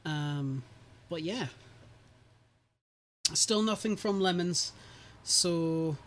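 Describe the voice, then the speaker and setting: Man, podcast host, casual chat, laughs often, slightly high voice, faint background noise. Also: drawn-out words, fairly bright tone. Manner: chatty, laughs often, restarts.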